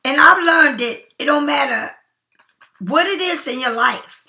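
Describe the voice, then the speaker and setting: A middle-aged woman giving a casual tarot reading, chatty and emphatic, sometimes slowing into soft whispers. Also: high voice, animated. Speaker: tarot card reader.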